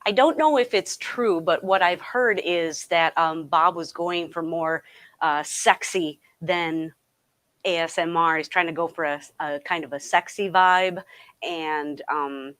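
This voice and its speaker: Wisconsin woman guesting on a podcast, lowish voice, chatty, lots of ums. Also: measured pace, fairly bright tone. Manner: upbeat, chatty, laughs easily, hesitant fillers. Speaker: podcast guest, improv comedian and painter. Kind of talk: casual interview chat.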